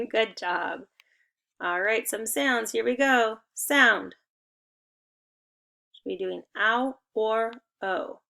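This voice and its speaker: A young woman teaching an online spelling lesson to second graders, upbeat and encouraging, giving clear step-by-step instructions. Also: a little high, very slow, long pauses, pushed and bright.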